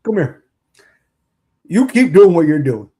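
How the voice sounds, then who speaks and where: A man's voice: a little high, big pitch swings, measured pace, mellow. A man on a football podcast putting on a bossy, taunting voice to call out a player. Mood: mocking. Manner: taunting, hollering address. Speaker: co-host.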